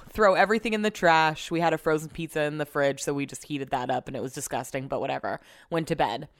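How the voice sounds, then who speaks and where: A young woman with a fairly low voice chats casually on her podcast from home. She rambles through a story and clears her throat often. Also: fast talker. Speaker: podcast host. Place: home with renovation noise nearby.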